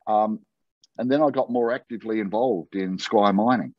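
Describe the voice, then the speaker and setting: A low-pitched Australian man tells a rambling story as an interview guest, slipping into other people's lines as he goes. The sound is dull and lo-fi, with a dry, close feel and no room around him. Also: normal speed, no room sound. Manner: animated anecdote-telling, acting out quoted dialogue. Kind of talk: conversational storytelling.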